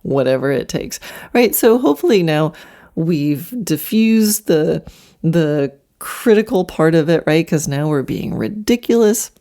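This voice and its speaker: Middle-aged female host for a solo horse-training talk, chatty and upbeat, low mellow voice. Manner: chatty, animated, slips into quick mock demos. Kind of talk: solo podcast monologue.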